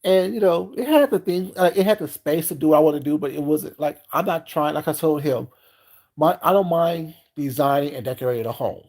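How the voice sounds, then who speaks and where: A man vlogging a casual rant, expressive and frank, often checking in with "you know what I'm saying.". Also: a little high, brisk. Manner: animated and expressive, acting out both sides of scenes. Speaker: food and lifestyle vlogger.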